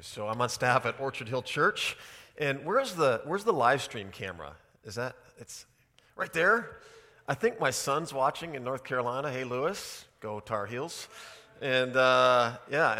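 A man's voice: medium pitch, bright, forceful tone. A middle-aged man, a pastor telling a chatty, self-deprecating story in a sermon to a group. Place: church hall with live audience. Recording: long hall reverb.

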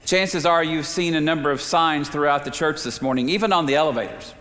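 A man's voice: on the high side, fairly bright tone. Man preaching in a reverberant sanctuary. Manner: storytelling, measured with slow emphatic pauses. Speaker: pastor. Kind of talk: sermon. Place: church sanctuary.

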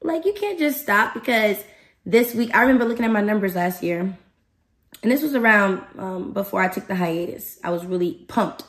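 A woman hosting a podcast in a casual motivational talk, animated and emphatic, speaking straight to her listeners. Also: medium pitch, normal speed. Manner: animated and emphatic, addresses listeners directly, acts out her own thoughts. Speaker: podcast host.

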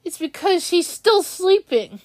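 A young woman vents to camera in a slow, upset, halting way, breaking off and restarting her sentences. Her voice sits high, and the sound is dry and close, with no room around it. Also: big pitch swings, a little mellow, dry recording. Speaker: vlogger. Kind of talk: venting monologue.

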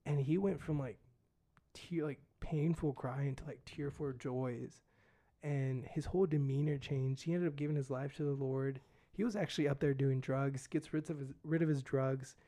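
A man's voice: mid-range voice, fairly even intonation, normal speed, mellow. A young man, a missionary guest, casually telling a story and saying "dude" and "like" a lot. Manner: laid-back, fillers like "dude" and "like".

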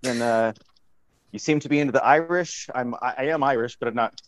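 A man's voice: mid-range voice, a little fast. A man improvising a rambling, goofy tech support agent in a comedy phone call.

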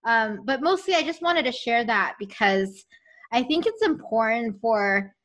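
A woman's voice: on the high side, very animated, measured pace, fairly bright tone. A young woman co-hosting a podcast, chatting enthusiastically with casual slang. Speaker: podcast co-host. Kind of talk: casual chat.

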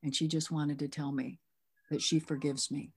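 A woman's voice: sits low, little pitch movement, moderate pace, slightly rough. A middle-aged woman at a recovery workshop, recounting a sponsorship story and acting out both sides of the dialogue. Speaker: workshop speaker.

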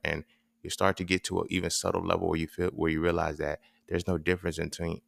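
A man's voice: low voice, vocal fry, no room sound. A man hosting a podcast in a casual monologue, rambling and profane, checking in with "right?" between thoughts. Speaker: podcast host.

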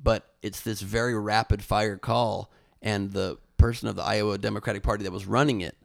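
A man's voice: lowish voice, little pitch movement, brisk, creaky, no room sound, clean studio sound. A young man, a comedian and former candidate, telling a story in a casual interview, with many restarts.

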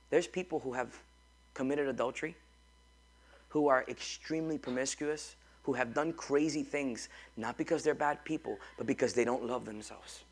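A man's voice: mid-range voice, vocal fry, breathy edge. A man preaching a sermon to a congregation in a church, emphatic and repetitive, calling on the crowd to respond. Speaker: pastor.

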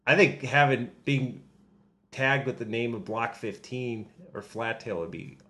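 A man's voice: mid-range voice, unhurried, sharp tone. Young guy on a sports podcast, lots of ums, keeps restarting his sentences. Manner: hesitant, many ums and restarts. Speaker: podcast co-host. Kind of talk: casual sports podcast chat.

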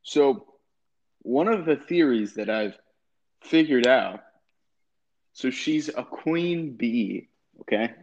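A man's voice: mid-range voice, lively intonation, takes it slowly, pauses often, a little mellow. A man hosting a casual comedy podcast, hesitant and giggly, leaning on fillers. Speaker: podcast host. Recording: dull lo-fi recording.

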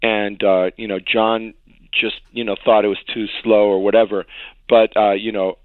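A man, a songwriter guest in an interview, telling stories in an animated way, acting out quotes and laughing often. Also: lowish voice, moderate pace, dry recording. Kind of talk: storytelling interview. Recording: tinny phone-like dry sound.

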